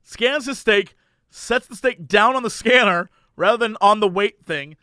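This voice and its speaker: Podcast guy with a really high bright voice, acts out the people in his stories. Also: measured pace, clear, resonant tone, dry recording, clean studio sound. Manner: animated, acts out voices in anecdotes, laughs while telling. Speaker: podcast co-host. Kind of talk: casual storytelling chat.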